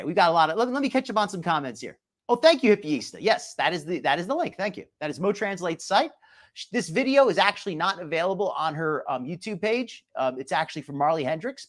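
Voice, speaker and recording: A man with a high, fairly bright voice hosts a live stream commentary, chatting casually. He reads viewers' chat names aloud in greeting, often restarts, and drops sarcastic asides.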